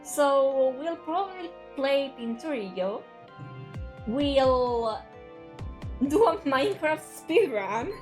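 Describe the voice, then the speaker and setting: A bubbly young woman streamer with a high voice, chatting easily with her viewers and reading game dialogue aloud as she plays. Soft game music runs faintly underneath. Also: sing-song, slow pace. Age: young adult. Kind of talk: casual stream chat while playing a game.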